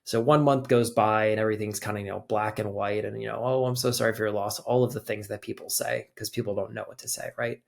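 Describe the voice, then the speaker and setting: A man's voice: lowish voice, fairly even intonation, fast, gravelly, hardly any pauses. A young adult man, a podcast guest, telling a personal story in loose, casual conversation, peppered with "like". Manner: loose, conversational, heavy use of filler "like".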